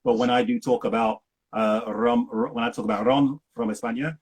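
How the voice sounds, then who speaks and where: A man from the United Kingdom speaks as a guest on a video call. His voice is slightly husky. He chats easily, laughing often and filling gaps with ums. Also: medium pitch, fairly even intonation, fairly quick. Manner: easygoing, laughs often, many fillers. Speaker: interview guest, rum ambassador. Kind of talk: casual interview answers.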